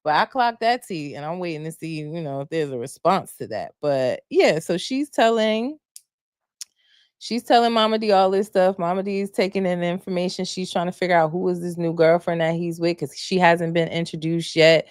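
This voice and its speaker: Woman with spilling reality tv tea on her live show, lowish voice, dry close sound. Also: moderate pace, clean tone, no room sound. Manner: animated, gossipy, rhetorical questions. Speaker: podcast host. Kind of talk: casual live recap chat.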